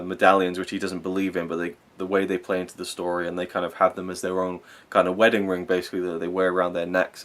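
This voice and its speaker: Deep-voiced man reviewing a film. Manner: rambling and enthusiastic, with frequent fillers and self-corrections. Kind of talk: casual spoken film review.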